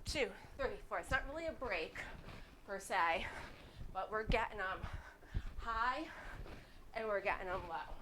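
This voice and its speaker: A woman's voice: medium pitch, animated, a little slow, long pauses, background noise. A woman leading a cardio boxing workout, counting reps aloud in an upbeat, chatty way and getting slightly winded. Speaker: fitness instructor.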